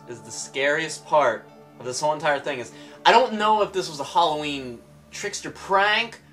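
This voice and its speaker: Casting: young guy, bright, slightly high voice, rambling comic storyteller, faint music underneath. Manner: rambling, exaggerated, many "like"s.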